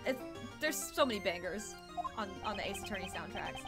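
A young woman streamer giving casual, profane, excitable commentary while playing a game, often laughing and shouting. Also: medium pitch, a little fast. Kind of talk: casual let's-play commentary. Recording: game music playing behind.

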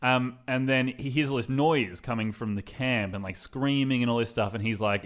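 A man's voice: mid-range voice, normal speed, hardly any pauses. A young Australian man chatting on a podcast, retelling a story loosely with lots of "like" and playful asides. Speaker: podcast co-host. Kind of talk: casual podcast chat.

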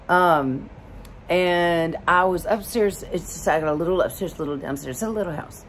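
A middle-aged woman from Alabama with a fairly low voice tells a story in a loose, rambling way, full of fillers and quick laughs. Faint background noise sits under her voice. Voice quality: lively, rambling, lots of "like" and laughs. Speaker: vlogger. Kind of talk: casual storytelling.

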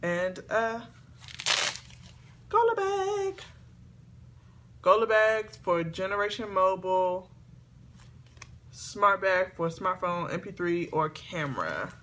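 A chatty, excitable woman with a drawl unboxes a parcel of gifts for her viewers. She talks slowly in a bright, forward voice, recorded by a camera on a tripod at home with a faint background hiss. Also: lowish voice. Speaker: beauty vlogger. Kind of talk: casual unboxing chat to camera.

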